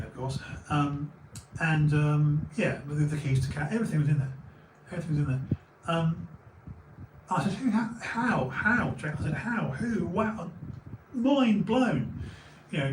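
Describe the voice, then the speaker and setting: A man's voice: fairly high pitch, a little mellow, slight background noise. Rambling British man telling stories. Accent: British English. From England. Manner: rambling, repeats and restarts words. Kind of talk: casual storytelling monologue. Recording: echoey room, mic a bit far.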